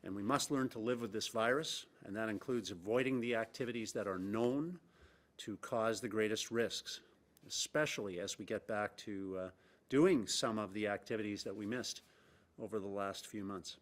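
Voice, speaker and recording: A middle-aged man with a fairly low voice delivers a formal press briefing statement as a provincial premier. He speaks in a measured way, leans on key words for emphasis and fills his pauses with "uh.". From Canada.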